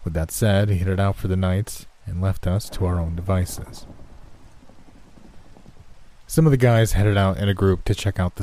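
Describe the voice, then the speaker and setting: A male narrator reading a first-person horror story in a measured, even way. His voice sits low, with a mellow, soft-edged tone. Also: dry recording.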